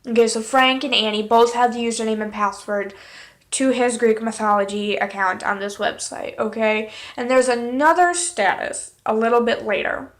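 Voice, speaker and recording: A woman's voice: fairly high pitch, fairly even intonation, normal speed. A woman vlogger telling a personal story in a candid, exasperated way, with blunt swearing. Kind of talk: casual story time.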